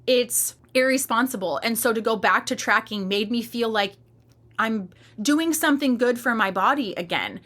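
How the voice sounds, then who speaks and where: Bright-voiced passionate woman podcast host. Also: on the high side, expressive, moderate pace. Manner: passionate, emphatic, candid with casual swearing. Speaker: podcast host and fitness coach. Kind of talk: solo podcast monologue.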